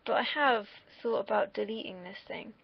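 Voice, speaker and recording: Young woman, fry-heavy voice, rambling self-deprecating vlogger, muffled home recording. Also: mid-range voice, normal speed, no room sound. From United Kingdom. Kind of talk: casual rambling monologue. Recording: dull lo-fi recording.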